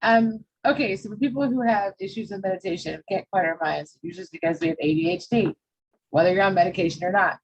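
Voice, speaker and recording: A woman's voice: mid-range voice, fast, husky. A woman giving casual advice in a chatty, plain-spoken way that rambles a little. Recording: dull, muffled lo-fi sound.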